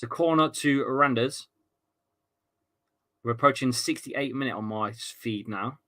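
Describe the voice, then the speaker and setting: A man's voice: mid-range voice, a little slow, pauses often, bright, forceful tone. A young man streaming a football watchalong, chatting casually, reading out viewer comments and swearing now and then. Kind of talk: live match watchalong commentary.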